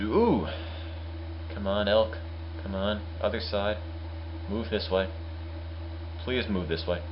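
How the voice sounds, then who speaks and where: A man's voice: lowish voice, slow pace, muffled recording, noisy background. Sarcastic male game streamer. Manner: sarcastic, joking. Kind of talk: casual game commentary.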